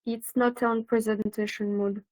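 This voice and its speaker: A woman's voice: mid-range voice, little pitch movement, unhurried, a little mellow, poor audio. A woman hosting a live online session, chatting casually and helpfully guiding her guest, using fillers like "um" and "like", over a video call. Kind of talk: casual pre-show chat.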